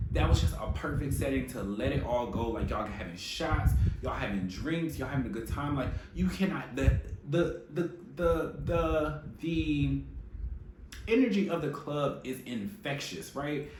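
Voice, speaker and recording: Man, sassy slangy recap host, mid pitch, echoey room. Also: unhurried. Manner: sassy, profane, animated commentary with slang. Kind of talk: casual opinionated recap. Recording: echoey room with faint noise.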